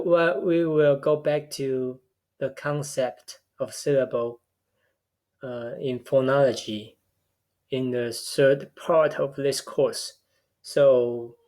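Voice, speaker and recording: A man giving a recorded linguistics lecture, explaining step by step in a measured way and often repeating words as he goes. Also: mid-range voice, fairly even intonation, a little mellow. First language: a tonal language.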